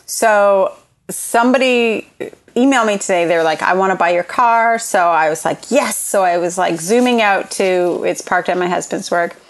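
A woman's voice: fairly low pitch, normal speed. A woman on a podcast telling an anecdote with a lot of bounce, acting out the people she quotes. Her voice sits mid-range and swings upward when she gets worked up. She laughs often as she talks. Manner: animated storyteller, acts out quotes, laughs often. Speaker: podcast guest. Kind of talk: casual chat, storytelling.

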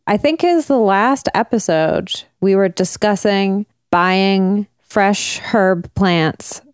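Animated, swearing woman, dry close sound. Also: takes it slowly, clean tone, no room sound. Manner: animated, swears casually, big pitch jumps. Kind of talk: casual chat.

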